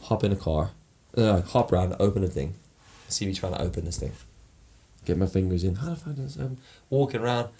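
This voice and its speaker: A man co-hosting a podcast, telling a story in casual, animated chat, swearing and acting out quotes. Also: low voice, fairly quick. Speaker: podcast co-host.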